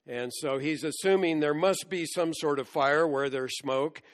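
A man preaching an expository sermon, explaining scripture verse by verse in a measured way. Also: a little high. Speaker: pastor. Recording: long hall reverb.

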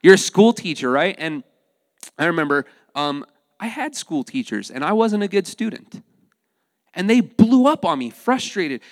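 High-voiced male pastor preaching. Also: moderate pace, no room sound, studio quality, big-room sound. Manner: animated, acts out voices, addresses the congregation. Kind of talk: sermon.

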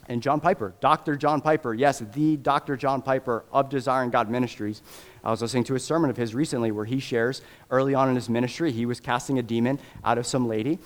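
A man preaching a sermon in a conversational style, often checking in with "okay?" and "right?" and building to intense, rising passages. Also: mid-range voice. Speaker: pastor. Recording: long hall reverb.

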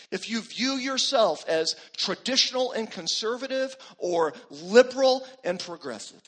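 Male pastor, sermon, emphatic, repetitive build, high, bright tone. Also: husky.

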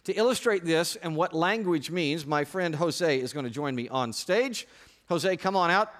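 Pastor guy preaching, kinda high voice, jokey and lively, stumbles and restarts a lot. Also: moderate pace. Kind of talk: sermon. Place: church stage before a congregation.

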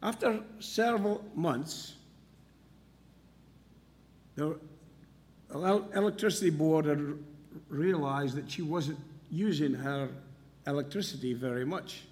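Brief: male preacher, a bit higher-pitched, storytelling sermon in a church hall with long reverb. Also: slow pace, long pauses, darkish tone. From Scotland. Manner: storytelling, homely asides.

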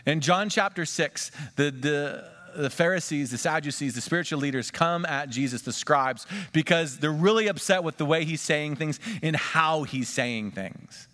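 A man preaching a sermon, swinging between emphatic rises and quiet drops, and drawing the congregation into questions and call-and-response. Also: a little high, normal speed, hardly any pauses. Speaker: pastor. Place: church sanctuary. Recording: long church reverb.

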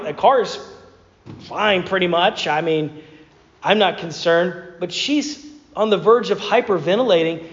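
High-voiced man preaching in a reverberant hall. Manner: conversational storytelling with repeated words. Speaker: pastor. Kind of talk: sermon. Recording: muffled sound with long hall reverb.

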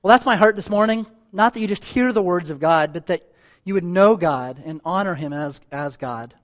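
A man's voice: high voice, fairly quick. A man preaching a sermon as a church elder, earnest and pleading, repeating phrases for emphasis and closing in prayer. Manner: ends in a spoken prayer.

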